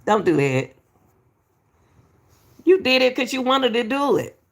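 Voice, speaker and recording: Gravelly woman calling people baby. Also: on the high side, sing-song, unhurried. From Atlanta, US. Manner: repetitive, emphatic, calls people baby. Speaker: YouTube commentator. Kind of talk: reaction commentary.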